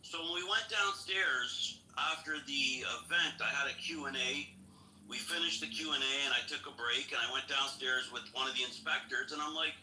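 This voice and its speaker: A man's voice: on the high side, normal speed, sharp tone, roomy sound, distant mic, slight background noise, rough recording. A man hosting a podcast, telling an anecdote in casual chat, blunt and profane. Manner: blunt, swearing, builds an anecdote step by step. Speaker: podcast host.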